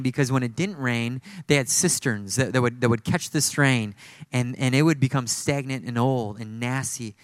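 A man's voice: mid-range voice, no echo. A male pastor preaching a sermon in a conversational, storytelling way, full of asides.

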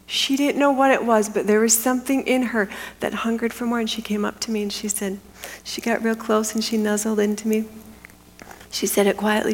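A middle-aged woman giving a testimony as a sermon, telling her story earnestly and dropping into a hushed whisper for the quiet moments. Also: a little high, level tone, moderate pace. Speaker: women's ministry speaker. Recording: long hall reverb.

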